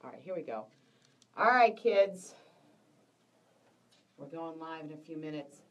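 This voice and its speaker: A woman's voice: low-pitched, fast, mellow, far from the mic, lo-fi sound. A woman hosting a casual live stream, chatting and greeting viewers by name in a bubbly way.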